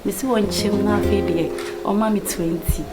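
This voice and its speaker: An actress playing a woman in a soft conversation about money and a good wife. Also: medium pitch, fairly even intonation, normal speed, over loud music, lightly acted. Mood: warm.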